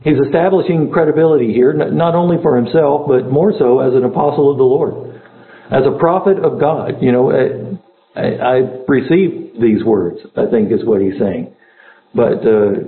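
A man's voice: medium pitch, moderate pace. A man leading an informal Bible study, talking conversationally and asking his group questions. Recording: echoey room, tinny phone-like sound, faint hum.

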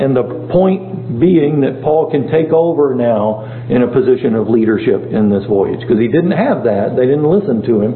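A man leading an informal Bible study, talking conversationally and asking his group questions. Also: mid-range voice. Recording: echoey room, tinny phone-like sound, faint hum.

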